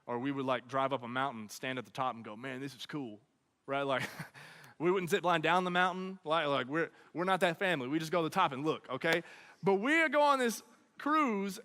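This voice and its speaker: A man with a high, bright voice tells a comic personal story to students in an animated style. He keeps checking in with "okay?" and "right?", and his voice carries through a large hall with a long reverb. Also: a little fast. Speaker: speaker at a student event.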